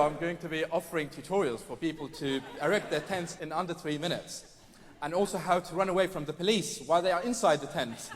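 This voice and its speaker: A man with a slightly high, fairly bright voice performs stand-up on a theatre stage, doing wry, mock-posh impressions of British people. The live theatre recording has long reverb, slight background noise, and faint audience ambience.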